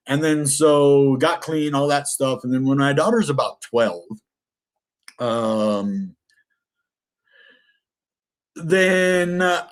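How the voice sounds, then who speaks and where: A man's voice: medium pitch, a bit bright. A middle-aged man telling his life story to camera in casual, rambling talk, earnest and emotional, with many restarts and self-corrections.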